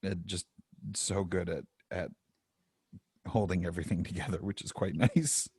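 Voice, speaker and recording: A man's voice: sits low, normal speed, darkish tone, husky, dry recording, studio quality. A young adult man co-hosting a podcast, chatty and laughing, with lots of fillers. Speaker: podcast co-host. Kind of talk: casual chat.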